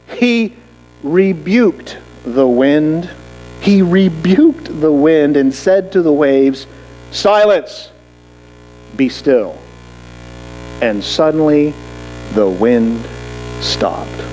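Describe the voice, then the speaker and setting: A man preaching a sermon as pastor, lively and dramatic, acting out quoted voices and asking rhetorical questions. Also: fairly high pitch, slow pace, soft background music, rough recording.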